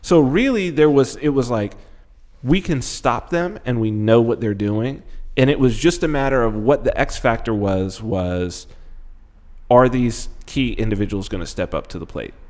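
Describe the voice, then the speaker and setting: A man in mid pitch co-hosting a casual podcast. He talks excitably, swears freely and keeps restarting his sentences as he goes. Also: moderate pace. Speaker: podcast co-host. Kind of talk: casual chat.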